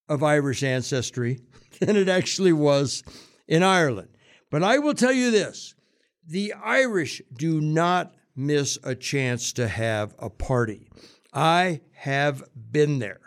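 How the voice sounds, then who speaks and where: A man hosting a radio segment, telling history and jokes in a chatty, jokey way. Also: fairly high pitch. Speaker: radio host. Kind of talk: casual storytelling and joke-telling.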